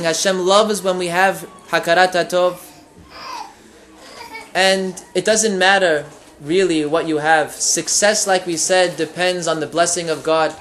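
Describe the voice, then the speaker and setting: A man giving an animated Torah lecture, telling a story with quick asides and rising emphasis. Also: on the high side.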